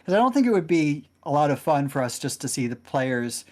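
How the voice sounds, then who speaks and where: A man's voice: fairly high pitch, sing-song, a little fast, darkish tone. A man co-commentating a game stream, explaining things in a rambling, hesitant way. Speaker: tournament organizer and co-commentator.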